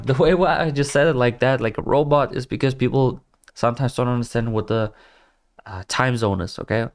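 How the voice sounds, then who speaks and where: Smooth-voiced man chatting with a livestream. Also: medium pitch, fairly quick. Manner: loose and friendly, many "like" fillers, calls viewers brother. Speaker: livestream trading host. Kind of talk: casual livestream chat, reading viewer comments.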